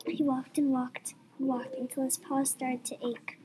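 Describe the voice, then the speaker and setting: High-voiced young woman reader, lively delivery, noisy room. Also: measured pace. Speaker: story reader. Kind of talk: reading a story aloud.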